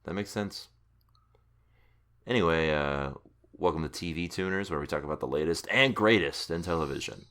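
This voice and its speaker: A man's voice: rumbling low, moderate pace, a bit bright. A young adult man hosting a podcast in casual, teasing chat. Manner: joking, teasing. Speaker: podcast host.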